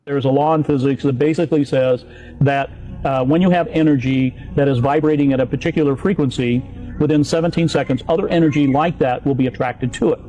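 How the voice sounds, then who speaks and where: A man's voice: medium pitch, fairly even intonation, brisk, dark tone, low-quality recording. A man explaining an idea step by step with everyday examples, in a clip played on a podcast. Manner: plain teaching tone with everyday examples. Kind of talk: explanatory talk.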